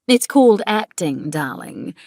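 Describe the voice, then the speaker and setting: A woman voicing a sharp-tongued Australian twin. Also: medium pitch, sing-song, unhurried, no echo, clean studio sound. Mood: scathing. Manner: forceful, cutting, pointed. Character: bold theatrical young woman, twin sister.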